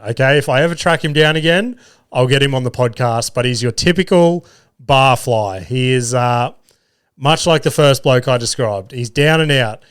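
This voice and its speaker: A man's voice: medium pitch, clear, resonant tone. A young man hosting a podcast, telling a long funny story with lots of swearing and laughter. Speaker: podcast host. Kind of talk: casual storytelling.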